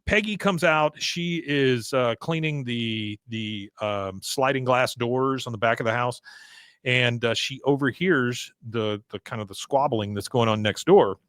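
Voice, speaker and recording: A podcast co-host walks through an episode recap in a relaxed, unhurried way, voicing the characters as he goes. His medium-pitched voice is a bit bright, captured in a dry, studio-quality recording.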